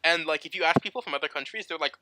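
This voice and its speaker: A man's voice: on the high side, rapid-fire, noisy background. A man co-hosting a podcast in casual chat, explaining things in an easygoing way. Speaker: podcast co-host.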